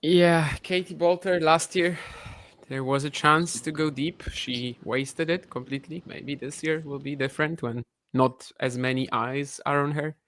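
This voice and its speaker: A man's voice: on the high side, fairly even intonation, unhurried, a bit bright. A man co-hosting a casual chat on a call, chatty and opinionated, often laughing. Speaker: co-host.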